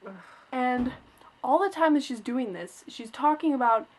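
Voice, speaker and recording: A woman's voice: high-pitched, expressive, normal speed. A teenage girl telling a story in a casual vlog, chatty and exasperated, full of "like" and acted-out quotes. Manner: chatty, retells scenes with quoted voices, lots of "like"; exasperated, complaining. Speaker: vlogger.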